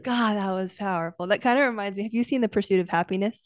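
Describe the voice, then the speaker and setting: A woman hosting a podcast, enthusiastic and affirming, retelling a joke with animated delivery. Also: mid-range voice, quick pace, no room sound, studio quality. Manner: enthusiastic, affirming listener, tells jokes animatedly. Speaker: podcast host. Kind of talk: casual conversational chat.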